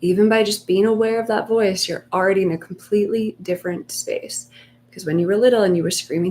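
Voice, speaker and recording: A woman talks her listeners through a live meditation session in a soft, unhurried, reassuring way, at times sinking nearly to a whisper. Her voice sits in a middle register. A faint hum runs under the recording. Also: medium pitch, fairly even intonation. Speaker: meditation coach. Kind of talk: live-streamed guided meditation talk.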